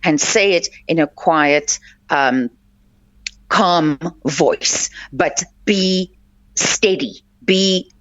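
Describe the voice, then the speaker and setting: In a dry recording, this woman speaks extremely slowly in a low voice with a fairly bright tone. As a life coach on her radio advice show, she instructs listeners earnestly, often filling gaps and starting over. It comes from a radio studio and sounds dull, lo-fi, and dry.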